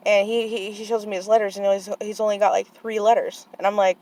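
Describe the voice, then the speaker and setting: A woman's voice: medium pitch, level tone, fairly quick, few pauses, a little mellow. Frustrated young woman ranting to camera. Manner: frustrated, ranting, constant "like" and "you know". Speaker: vlogger, aunt of a boarding-school student. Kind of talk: casual heated monologue.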